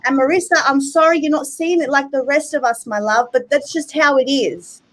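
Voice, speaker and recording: Blunt woman, high pitch, fed-up live-stream arguing. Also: normal speed, a bit bright, low-quality recording. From Australia. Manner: blunt, exasperated, swears. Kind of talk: heated live stream argument.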